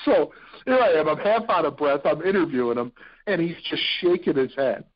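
A man from Ohio, a radio personality, telling stories as a podcast guest in an animated, excitable way. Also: fairly high pitch, a little fast. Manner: animated, excitable storyteller with frequent fillers. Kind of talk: casual storytelling interview. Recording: dull lo-fi podcast audio.

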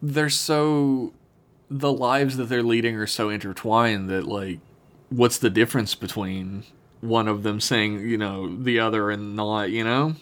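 A man co-hosting a podcast, recapping in a relaxed, casual chat with wry humor. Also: lowish voice, a little slow.

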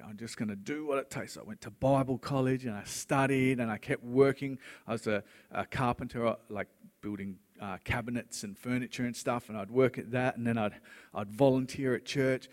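Earnest preacher in a reverberant hall. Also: male voice, mid-range voice, a little mellow. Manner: earnest, conversational storytelling with frequent "right?". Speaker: pastor. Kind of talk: sermon.

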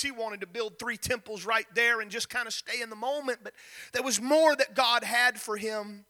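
Man, preacher, sermon storytelling, high voice, very bright tone, animated. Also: moderate pace. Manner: animated, acts out the characters' lines, repeats words.

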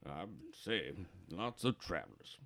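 A man's voice: low-pitched, very animated, vocal fry, pushed and bright, pitched below the performer's own voice, exaggerated voice. A man putting on a formal old barfly. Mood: genial. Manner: slow, formal, repeats "I say". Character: chatty old man drinking whiskey at a bar.

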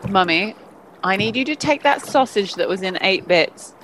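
A woman's voice: mid-range voice, animated, moderate pace, noisy background, close to an everyday voice. A woman playing a bubbly, chatty holidaymaker who is rowing a boat, in improvised comedy audio.

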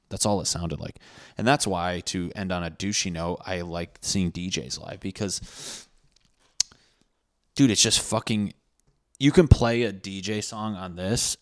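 A man's voice: sits low, no echo, clean studio sound. A young man from Connecticut hosting a podcast, telling rambling, crude stories full of swearing in a casual monologue. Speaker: podcast host.

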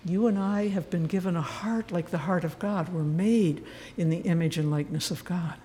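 A woman's voice: fairly low pitch, normal speed, mellow, a little hiss or hum. Older woman, religious sister, storytelling retreat talk, wry humor, reverberant church. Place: large church.

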